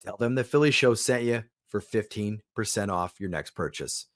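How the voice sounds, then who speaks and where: A man's voice: on the low side, normal speed. A man, the podcast host, reading a scripted outro and sponsor plug in an upbeat, promotional manner. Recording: music bed underneath.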